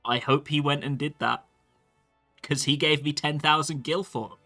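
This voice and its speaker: A man streams a game, chatting casually and answering chat as he plays. His voice is bright and forward, and faint music runs underneath. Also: on the high side, fairly even intonation, moderate pace. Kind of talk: live-stream gameplay commentary.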